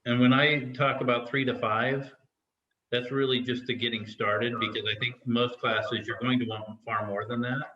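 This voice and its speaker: A man facilitating an online faculty workshop. He speaks in a relaxed way and keeps prompting others with questions. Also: mid-range voice, moderate pace. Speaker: discussion facilitator. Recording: echoey, slightly dull video-call audio.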